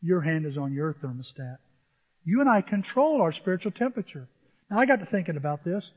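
High-voiced emphatic man preaching. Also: lively intonation, brisk, breathy edge. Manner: emphatic, rising to near-shouts on key words; acts out congregants' complaints in mocking voices. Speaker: pastor. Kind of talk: sermon. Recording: dull audio with long church reverb.

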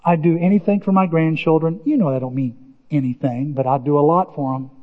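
A man's voice: on the high side, steady tone, fairly quick. Impassioned older male pastor, echoing hall. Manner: impassioned, rising to shouts, with folksy asides. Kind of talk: sermon. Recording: dull distant sound with hall reverb.

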